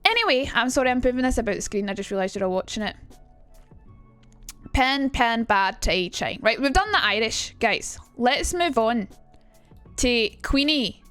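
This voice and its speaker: A woman's voice: on the high side, expressive, normal speed, a bit bright, clean tone, soft background music. Chatty Scottish woman streamer, blunt. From Scotland. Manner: chatty, blunt, swears freely. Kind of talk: casual livestream teaching.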